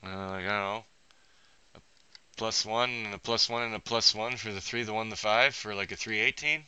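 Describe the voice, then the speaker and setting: Deep-voiced man ranting profanely. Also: fairly even intonation, normal speed, sharp tone, clear, resonant tone, no room sound. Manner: profane, restless, thinking aloud; self-interrupting, trails off mid-sentence. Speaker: vlogger. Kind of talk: rambling monologue.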